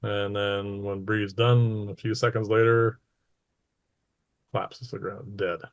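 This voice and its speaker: A man's voice: lowish voice, little pitch movement, measured pace. A man narrating casually as game master of a tabletop game.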